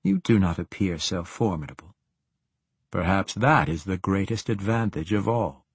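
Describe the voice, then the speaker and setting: Audiobook: a curious, earnest woman commander, low-voiced and close, read by a man. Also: normal speed, breathy edge, dry recording. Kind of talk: audiobook character reading.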